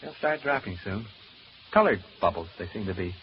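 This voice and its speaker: A man's voice: fairly low pitch, lively intonation, normal speed, slight background noise. An actor playing a chatty, nervous radio announcer alone in a haunted house, rambling and joking nervously as he talks to his listeners in a 1940s radio drama. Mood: uneasy joking. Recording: muffled old radio broadcast recording.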